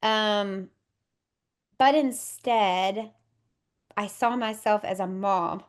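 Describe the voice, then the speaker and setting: A woman's voice: mid-range voice, drawn-out words. A woman in her thirties, a doula and podcast guest expecting her first baby, speaking in an earnest, heartfelt, reflective way. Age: 30s. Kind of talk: podcast interview conversation.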